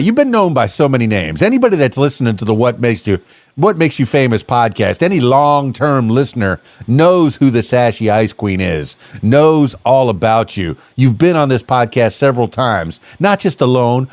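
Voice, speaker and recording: A man's voice: mid-range voice, dry recording. Playful podcast host guy, voice swoops around a lot, dry close mic. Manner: playful, teasing, rambling. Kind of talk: casual podcast chat.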